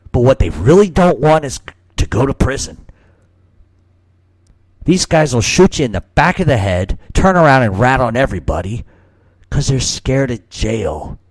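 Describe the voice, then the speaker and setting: A man's voice: medium pitch, dry recording. A man hosting a question-and-answer talk show, talking casually and ranting heatedly with lots of swearing. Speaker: mob talk show host.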